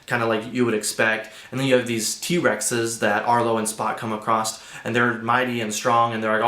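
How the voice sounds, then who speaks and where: A man's voice: medium pitch, steady tone, normal speed, few pauses, bright, forceful tone, reverberant. A young man hosting a casual movie review, chatty and loose with lots of fillers.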